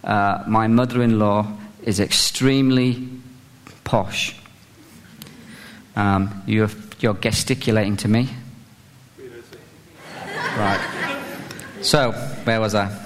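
A man's voice: lowish voice, steady tone, takes it slowly, long pauses, long reverb tail, a little hiss or hum. A British man preaching a humorous sermon in a chatty, self-mocking way, full of fillers, building to fervent emphasis. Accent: British English.

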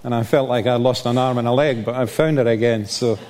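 Older Scottish preacher in a reverberant church. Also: male voice, mid-range voice, steady tone, fairly quick. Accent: Scottish, softened by years in England. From Scotland. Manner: warm, self-deprecating, many "uh" fillers. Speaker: visiting preacher. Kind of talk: sermon. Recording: long reverb of a church hall.

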